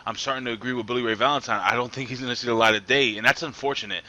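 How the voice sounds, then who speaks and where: Man, host, bright tone, excited, repeats words, casual panel talk. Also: medium pitch, very fast, dull audio. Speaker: podcast host. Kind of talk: casual wrestling panel chat.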